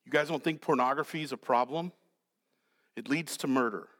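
A man's voice: mid-range voice, brisk, fairly bright tone. A male pastor preaching a sermon in a dramatic, questioning way, acting out the characters.

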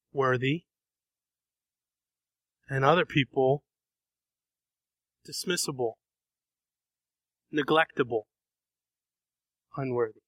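A man preaching a sermon, dramatic, acting out voices and shifting between soft and loud passages. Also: on the high side, no room sound. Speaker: pastor.

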